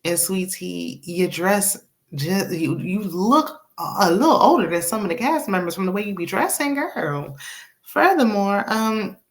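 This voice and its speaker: A woman host giving a sassy, chatty recap of a reality TV episode, with quick asides and laughs. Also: on the low side, animated. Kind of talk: casual recap commentary.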